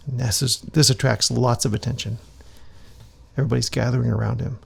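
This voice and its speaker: Gravelly man reading his comic aloud. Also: mid-range voice, fairly quick. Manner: relaxed, musing asides. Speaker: comic author and reader.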